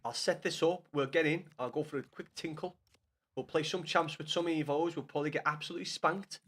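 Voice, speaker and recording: A young man chatting casually with viewers on a live gaming stream, swearing often and bantering loudly with chat. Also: a little high, fairly even intonation, fairly quick.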